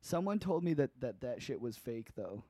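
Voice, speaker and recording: A man's voice: medium pitch, very animated, normal speed, warm tone, husky, dry recording. A young man chatting crudely on a podcast, rambling with restarts and laughs. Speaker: podcast co-host. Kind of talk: crude casual chat.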